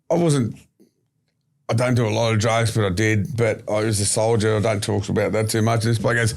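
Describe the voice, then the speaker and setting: A man's voice: mid-range voice, fairly quick. Rambling Australian man, emphatic. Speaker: podcast guest. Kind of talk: storytelling interview talk.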